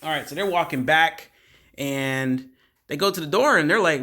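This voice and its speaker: A man's voice: on the high side, moderate pace, bright, forceful tone. Casual man recapping a reality episode. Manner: rambling, filler-heavy retelling with "like" and "you know". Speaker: show recap host.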